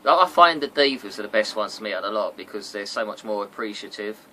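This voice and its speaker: A man's voice: fairly low pitch, expressive, fast, pushed and bright, slight background noise, poor audio. A man joining a podcast as a guest, chatting casually and laughing along. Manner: laughs along, short replies. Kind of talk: casual chat.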